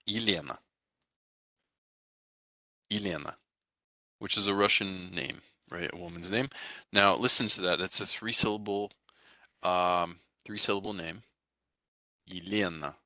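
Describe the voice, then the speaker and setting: A man's voice: low voice, sharp tone, no echo, clean studio sound. A man teaching a language class, explaining pronunciation rules in a casual, rambling way with many fillers and restarts. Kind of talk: recorded class lecture.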